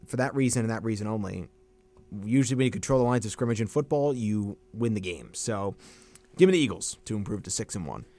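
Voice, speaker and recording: A man's voice: fairly low pitch, expressive, fast talker, warm tone. A young man hosting a college sports radio show in a studio, confident and teasing his co-host. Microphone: studio microphone with headphones.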